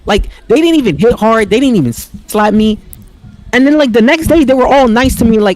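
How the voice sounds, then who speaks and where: Young male podcast co-host, Bronx native, slangy and lively storyteller whose voice swings wide. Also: very high voice, brisk. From the Bronx, New York. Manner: animated, slangy, acts out quoted voices loudly. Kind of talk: casual storytelling chat.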